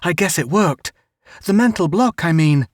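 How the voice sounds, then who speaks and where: A man's voice: a little high, expressive, moderate pace, dry recording, studio quality, voice pushed up. A man voicing an earnest, clever young boy in a storybook reading, his voice lifted somewhat above his own.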